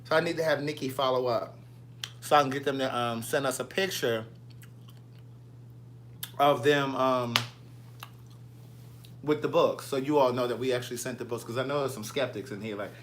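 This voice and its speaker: A man's voice: medium pitch, fairly even intonation, moderate pace, pauses often, a little hiss or hum. A man, chatting casually from his home kitchen as a vlogger, playfully answering viewer comments. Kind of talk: casual live chat with viewers.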